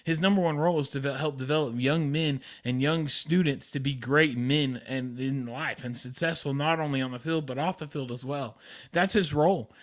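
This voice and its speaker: A man's voice: medium pitch, normal speed. A young man hosting a casual sports podcast, talking with enthusiasm and heavy repeated emphasis. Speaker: podcast host.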